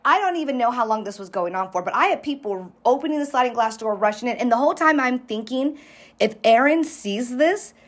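Brief: woman, casual storyteller, animated and profane, acts out every quote. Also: on the high side, a little fast. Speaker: storyteller recounting a fight. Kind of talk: casual group chat.

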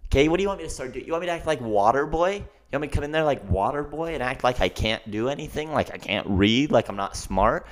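A man's voice: a little high, animated, very fast, hardly any pauses. A man hosting a solo podcast, ranting emphatically and often asking "okay?". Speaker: podcast host.

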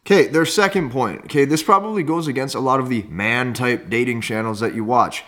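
A man's voice: mid-range voice, fairly quick, fairly bright tone. A man hosting a podcast, commenting in an assertive, instructive way on dating advice. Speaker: dating coach host.

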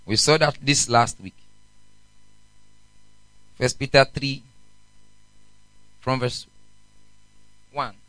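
A man, a pastor preaching a sermon in an animated way and often asking the congregation questions. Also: mid-range voice, drawn-out words, pauses often, clean tone, no echo, low-quality recording.

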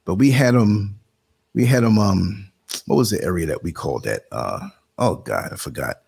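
A man in his sixties with a New York accent, hosting a live show and chatting casually, telling animated stories and acting out quotes in a higher voice. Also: normal speed, creaky, slightly rough. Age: 60s. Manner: animated storyteller, acts out quotes in a higher voice, laughs often. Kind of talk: casual live-stream chat.

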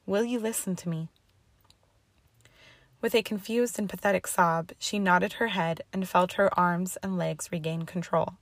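Woman storybook narrator, low voice, dry close recording. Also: vocal fry, no echo. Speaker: audiobook narrator.

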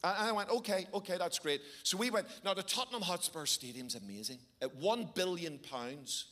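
A middle-aged man with a Belfast accent, preaching a sermon and telling a lively story with shifting pace for emphasis. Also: sits high, moderate pace. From Northern Ireland. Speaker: pastor.

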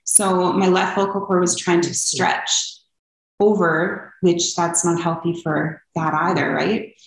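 A young Canadian woman, appearing as an interview guest, shares her personal story in an earnest, open way, often saying "um." Her voice is lowish, gravelly, slow, and flat in delivery. The room she's recorded in is echoey.

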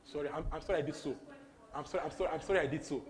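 A young man from Nigeria with a Nigerian English accent, preaching a lively sermon that repeats phrases and slips into pidgin. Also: on the high side, very fast. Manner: animated, repetitive, breaks into laughter and pidgin.

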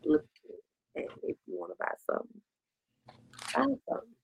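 A woman's voice: normal speed, dry recording, narrow, tinny audio. A woman co-hosting a podcast in loose, blunt casual chat, swearing freely and laughing often. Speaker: podcast co-host.

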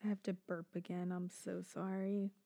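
A woman's voice: on the low side, level tone, moderate pace, creaky, mellow. Young woman host, loose solo podcast ramble, filler-heavy, casual swearing.

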